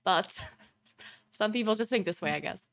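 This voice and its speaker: A woman's voice: medium pitch, moderate pace. A young woman from South Tyrol chatting casually on her game stream, laughing often and swearing offhandedly. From South Tyrol, Italy. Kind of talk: casual chat while streaming.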